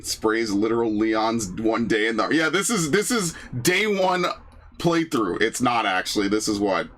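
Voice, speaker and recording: Loose, swearing man with a lively voice. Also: lowish voice, unhurried, a little hiss or hum. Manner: loose, profane, laughing. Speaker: gaming channel host. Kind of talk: casual commentary over old videos.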